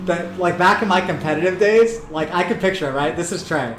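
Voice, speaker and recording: A man's voice: sits high, fairly quick, hardly any pauses. A man streaming a racing game, chatting casually to viewers and leaning hard on likes and you-knows. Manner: chatty, talks straight to chat, many likes and you-knows. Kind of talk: casual live-stream commentary. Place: home room with racing rig. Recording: roomy sound over game music and engine noise.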